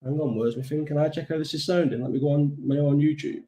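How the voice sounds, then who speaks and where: Talking into his laptop's built-in microphone, a lad runs a casual livestream, reading out viewer comments and rambling through sweary jokes. He speaks fast in a warm, steady voice that is a little high.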